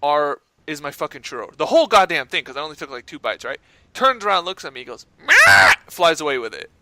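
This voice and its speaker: A man's voice: a little high, lively intonation, fast talker, bright, forceful tone, dry recording. A young man co-hosting a podcast, telling stories in rambling casual chat and swearing freely. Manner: rambling storyteller, swears a lot, frequent "like" and "right?". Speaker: podcast co-host.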